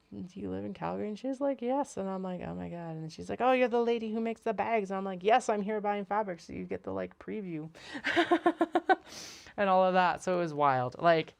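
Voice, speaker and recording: A woman's voice: deep voice, vocal fry. A woman chatting casually on a livestream, rambling and laughing often. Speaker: craft business owner.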